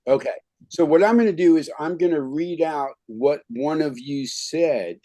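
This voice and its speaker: This man, a skills trainer, runs an online class by video call and keeps his talk casual, full of "okay" and "right." His voice is a little high with a dark tone, at a moderate pace. No echo can be heard.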